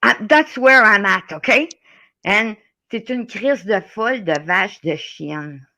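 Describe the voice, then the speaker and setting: On a rough-sounding live stream recording, a middle-aged French Canadian woman delivers a furious rant in a mid-range voice that's pushed, bright, and animated, at a measured pace. She swears as she goes and repeatedly punctuates her lines with "okay?"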